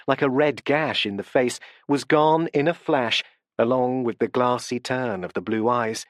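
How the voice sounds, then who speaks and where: A man narrating a classic mystery novel in a measured, expressive way. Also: medium pitch, no echo, studio quality. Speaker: audiobook narrator. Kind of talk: scripted narration.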